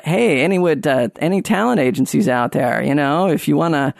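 A man hosting a podcast, telling a rambling, animated story with many fillers and restarts. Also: fairly high pitch, fairly quick, gravelly, no echo, clean studio sound. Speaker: podcast host. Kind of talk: casual storytelling monologue.

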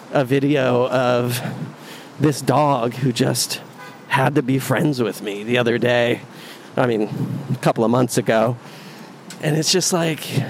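A man's voice: mid-range voice, slight background noise. A man narrating his walk to work, talking casually and rambling with lots of fillers, recorded on a phone on a city street. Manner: meandering, many fillers and restarts. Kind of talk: casual rambling monologue while walking. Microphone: phone recording app. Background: faint street ambience.

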